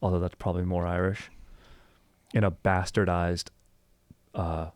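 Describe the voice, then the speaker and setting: A young man co-hosting a podcast, chatting in an animated, joking, rambling way. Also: sits low, unhurried, no room sound. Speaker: podcast co-host. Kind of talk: casual chat.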